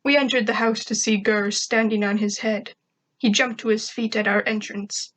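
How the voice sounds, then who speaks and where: A woman's voice: fairly high pitch, fairly even intonation, normal speed, a bit bright, low-quality recording. A woman reading a first-person fan fiction story aloud in a wry, conversational way. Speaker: narrator.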